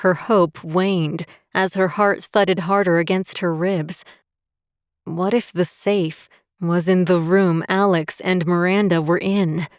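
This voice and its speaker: A woman narrating a romantic suspense audiobook in a steady, measured way. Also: fairly low pitch, dry recording, clean studio sound. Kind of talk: scripted narration.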